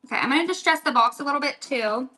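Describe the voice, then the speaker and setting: A high-pitched, sharp-toned woman speaks fast as she runs a casual crafting livestream from her table at home. Chatting as a seller host, she answers viewers by reading their comments aloud while she works.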